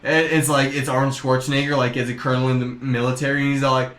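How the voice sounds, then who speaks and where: Man, podcast co-host, joking and profane, bright tone, echoey room. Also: mid-range voice, quick pace, hardly any pauses. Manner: animated, joking, profane, full of voices. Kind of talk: casual comedic chat. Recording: roomy echo.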